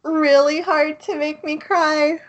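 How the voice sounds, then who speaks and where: A woman's voice: high voice, level tone, a little slow, lo-fi sound. A woman hosting a casual podcast, laughing often between her remarks. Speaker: podcast host. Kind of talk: casual chat.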